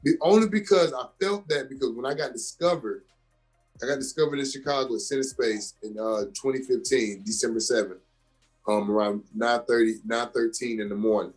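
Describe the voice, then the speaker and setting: A young adult man from Georgia in the US, an actor and comedian guest telling his story with animated emphasis in a casual interview. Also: mid-range voice, a little fast, soft background music.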